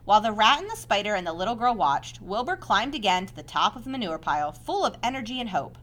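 A woman narrating a children's novel aloud with measured, expressive storytelling. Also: mid-range voice.

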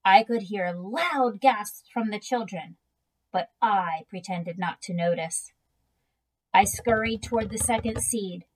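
Slow, gentle woman reading a storybook. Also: mid-range voice, poor audio. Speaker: reader. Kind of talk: children's book read aloud.

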